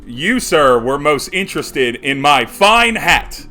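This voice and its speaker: A man voicing a fawning male carnival game barker with stammering, flattering patter. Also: on the high side, slow pace, soft background music, pitched below the performer's own voice, heavily acted.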